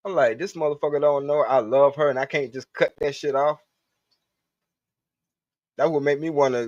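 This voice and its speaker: A man's voice: medium pitch, no echo. Profane man rambling on a stream. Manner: profane, rambling, talks to chat. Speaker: live stream host. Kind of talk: casual livestream monologue. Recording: dull, dry lo-fi stream audio.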